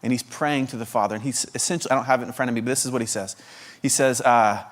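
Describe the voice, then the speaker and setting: Speaking quickly in a mid-range voice with fairly even intonation, a man gives a sermon as a guest preacher. He asks rhetorical question after rhetorical question, restarting and stammering repetitions as he pushes his point.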